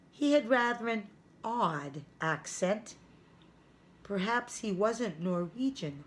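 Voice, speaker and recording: A woman teacher reading a chapter book aloud to children, careful and clear. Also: mid-range voice, expressive. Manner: slow, careful read-aloud.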